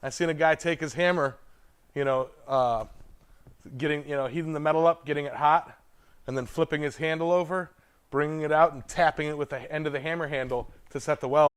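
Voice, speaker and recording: A man's voice: a little high, fairly even intonation, a little fast, smooth. A man hosting a blacksmithing livestream, chatting in a laid-back way with his viewers from his forge. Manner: laid-back, chuckling, talks to chat. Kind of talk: casual livestream chat.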